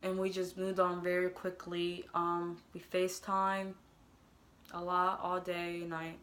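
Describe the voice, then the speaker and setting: A young woman telling a comedic storytime in a deadpan, halting, mock-serious way. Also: fairly low pitch. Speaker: storytime vlogger.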